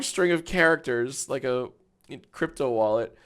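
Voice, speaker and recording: Animated, bright-voiced man streaming. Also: normal speed, clean tone. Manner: animated, swears freely, bursts into high-pitched laughter. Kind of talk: casual live-stream chat.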